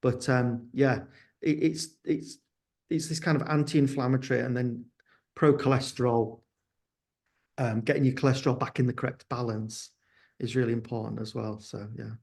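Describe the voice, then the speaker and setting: A man's voice: medium pitch, steady tone, moderate pace, vocal fry, darkish tone. A sounding man answering interview questions, hesitant and candid, often restarting his sentences. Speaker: guest, company founder.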